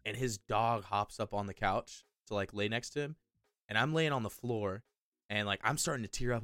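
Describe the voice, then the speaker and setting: A young man telling stories in casual podcast chat, animated and slangy, swearing often. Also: lowish voice, normal speed, dry recording, clean studio sound. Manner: animated, profane, slangy storyteller.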